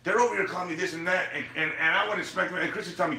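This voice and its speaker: A man's voice: a little high, racing, sharp tone. A young man in heated casual talk, baffled, repeating himself and often saying "man". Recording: echoey room, far from mic, faint ambience.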